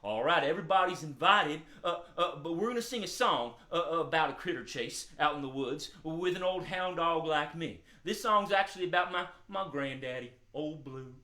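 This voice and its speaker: A man doing a stammering, excitable hound dog puppet. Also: on the high side, echoey room, voice pushed down. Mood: eager. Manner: halting, stammering, eager. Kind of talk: children's puppet show.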